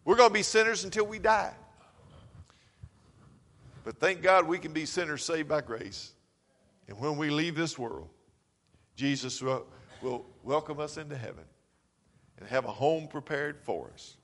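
A man preaches a sermon in a fairly high voice. He swings from loud, urgent calls to low, quiet passages, and his words hang in the long reverb of a big hall. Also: unhurried, pauses often.

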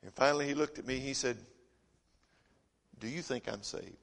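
A man preaching a sermon, telling folksy stories and swinging between loud emphasis and quiet asides. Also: mid-range voice, normal speed, creaky. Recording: long reverb of a church hall.

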